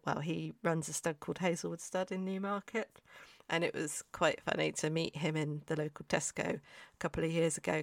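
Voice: medium pitch, gravelly, no room sound, clean studio sound. A podcaster telling personal stories in a chatty, self-mocking way, often trailing off and restarting. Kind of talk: casual anecdotal storytelling.

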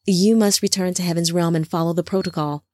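Firm angelic male leader, grave and measured; a woman reads him, lowish voice, dry close mic. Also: steady tone, warm tone, dry recording, lightly acted.

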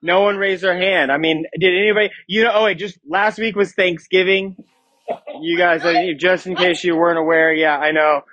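A man's voice: high-pitched, fairly even intonation, normal speed, pushed and bright, dull audio, slight background noise. A man in his thirties giving a casual, joking sermon to a youth group as youth pastor, often asking the crowd questions. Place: church youth room.

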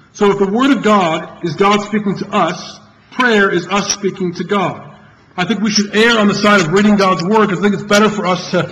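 A pastor preaching a sermon to his congregation in an earnest, emphatic way, repeating key phrases and pausing for effect. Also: high-pitched, a bit bright, a little hiss or hum, rough recording.

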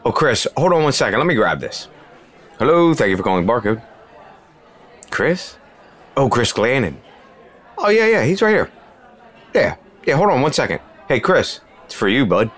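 A man's voice: medium pitch, some chatter behind. A man playing a cocky male impostor bartender who teases and takes a phone call. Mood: playful. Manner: animated, teasing, quick phone banter.

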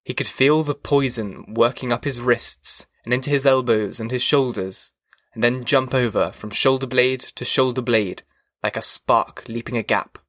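A man reading a novel aloud as an audiobook narrator, in a measured, even manner. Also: mid-range voice, dry recording, clean studio sound. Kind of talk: scripted narration.

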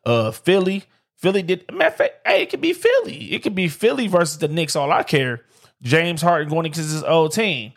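A man from Detroit hosting a solo sports podcast, talking in a loose, slangy way and often repeating "like I said" and "man". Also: a little high. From Detroit, USA. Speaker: podcast host. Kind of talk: casual solo sports talk. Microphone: streamed live on camera.

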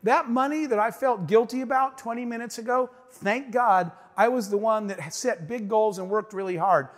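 A man's voice: sits high, moderate pace. A middle-aged man telling a story as a motivational speaker, talking emphatically and directly to his audience. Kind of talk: inspirational stage talk. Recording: long hall reverb.

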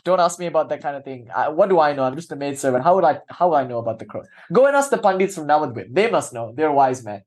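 A man voicing a sharp-witted village maidservant who brushes off her son's question. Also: a little high, lively intonation, fast talker, hardly any pauses, close to an everyday voice. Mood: offhand. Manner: offhand, brushing questions aside.

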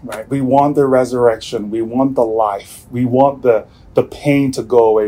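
A man preaching a sermon as pastor, earnest and searching, often repeating himself and letting sentences fall away quietly. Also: medium pitch, fairly even intonation, normal speed, few pauses, slight background noise, poor audio. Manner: earnest, with many restarts and soft trailing endings.

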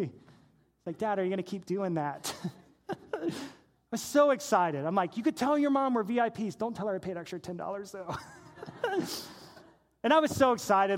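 Animated high-voiced preacher man. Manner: animated, playful, acts out voices in anecdotes. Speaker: pastor. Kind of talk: sermon with personal storytelling.

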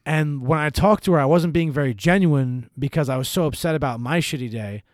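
A young man in casual chat, telling animated, rambling stories full of swearing. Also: fairly high pitch, fairly quick, dry recording, clean studio sound.

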